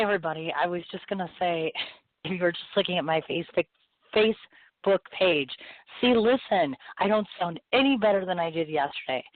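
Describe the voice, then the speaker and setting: A woman in her thirties hosting a radio talk show, her voice hoarse from illness, chatty, gushing and self-mocking. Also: on the low side, no echo. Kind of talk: casual chat. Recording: thin phone-line sound.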